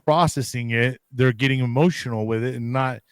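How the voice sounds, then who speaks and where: Podcast co-host, male, mid-pitched, rambling and profane, dry room. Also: brisk, clear, resonant tone, dry recording. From United States. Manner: rambling, swears freely, acts out his own reactions. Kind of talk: casual chat.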